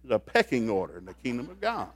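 A middle-aged preacher man delivers a joking, folksy sermon. His voice is mid-pitched and sits dry and close to the mic. He drops to quiet asides, then rises to loud bursts. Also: huge pitch swings, fast, breathy edge, no room sound. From grew up in a blue-collar factory family. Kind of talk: humorous marriage sermon.

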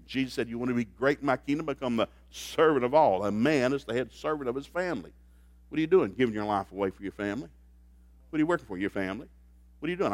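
A middle-aged man preaching a humorous sermon on marriage, folksy and joking, swinging from quiet asides to loud bursts. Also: medium pitch, animated, fast, dry recording. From grew up in a blue-collar factory family.

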